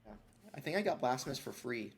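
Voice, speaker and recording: Gravelly-voiced man on a podcast. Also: medium pitch, animated, fast. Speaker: podcast co-host. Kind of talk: casual chat.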